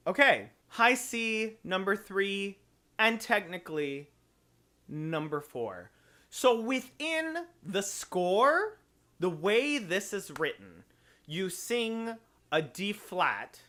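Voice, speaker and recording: A man teaching voice, slowly explaining notes and phrasing in a lesson. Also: sits high, pushed and bright. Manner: explains slowly, sings short examples.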